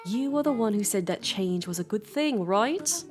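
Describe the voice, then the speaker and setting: A woman's voice: medium pitch, animated, normal speed, faint music behind, close to an everyday voice. A woman voicing a caring but stern mother in a story game. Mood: motherly. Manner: warm scolding, motherly.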